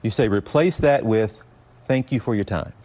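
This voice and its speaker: A man's voice: on the low side, normal speed, dark tone, slight background noise. A man hosting a morning TV interview in a studio, upbeat and chatty as he reads intros and quizzes his guest. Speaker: TV morning show host.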